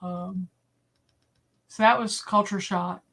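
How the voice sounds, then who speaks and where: A woman in her sixties with a Boston accent hosts a casual livestream. She tells stories in a blunt, lively way and puts on the voices of the people she quotes. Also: medium pitch, takes it slowly. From Boston area. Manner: blunt, animated storyteller, acts out quoted voices. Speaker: livestream host. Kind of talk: casual storytelling to a live chat.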